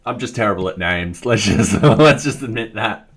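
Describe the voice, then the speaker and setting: Aussie guy with a low voice streaming code, muttering through steps, keys clacking behind. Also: moderate pace, a bit bright, faint music behind. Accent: Australian. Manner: thinks aloud, chatty and self-deprecating, reads chat. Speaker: live-coding streamer. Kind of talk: casual live-coding chat.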